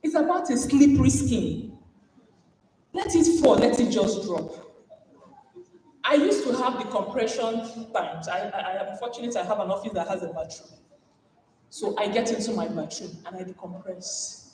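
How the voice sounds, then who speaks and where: A Nigerian woman delivers a lively motivational keynote, switching into acted-out voices and Pidgin asides. She sounds distant from the mic. Her voice rings through a large hall with a long, echoing tail. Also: medium pitch, moderate pace, long pauses, a little hiss or hum. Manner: animated, acts out dialogues with Pidgin asides. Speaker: conference speaker. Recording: echoey hall from far off.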